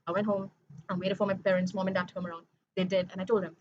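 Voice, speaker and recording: Brief: young woman, quick rambling confessional vlog delivery, self-correcting, dull lo-fi home recording with faint noise. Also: mid-range voice, little pitch movement. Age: young adult. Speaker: vlogger. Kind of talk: late-night confessional monologue.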